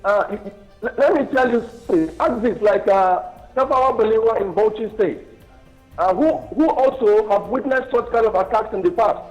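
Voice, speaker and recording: Nigerian guy calling in, high voice, muffled line, music faint behind. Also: moderate pace. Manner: emphatic, insistent. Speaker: guest on phone line. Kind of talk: news talk show interview.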